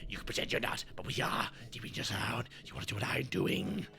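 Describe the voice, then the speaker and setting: A man's voice: lowish voice, big pitch swings, fairly quick, gravelly, pushed and bright, soft background music, pitched below the performer's own voice, full character voice. A man voicing a murderous male demigod villain with a guttural, wet-sounding growl, taunting and hateful.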